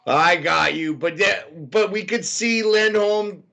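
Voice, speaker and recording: A young man hosts a live stream, speaking slowly in a high-pitched, creaky, sharp voice. He chats casually, greets viewers by name, thinks aloud and reacts to news as it arrives in live chat commentary.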